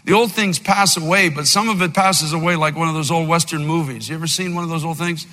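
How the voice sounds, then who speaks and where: An older man preaching an impassioned sermon, moving between loud fervent outbursts and low, quiet storytelling. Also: fast talker. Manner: fervent preaching, by turns shouting and dropping low, with storytelling asides. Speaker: pastor. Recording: long reverb of a big hall, faint music.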